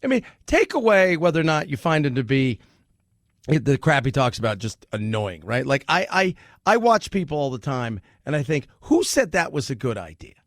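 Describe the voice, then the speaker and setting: A man's voice: medium pitch, very animated, moderate pace, no room sound. A middle-aged man hosting a talk radio show, talking bluntly and sarcastically in a rambling monologue into a studio mic.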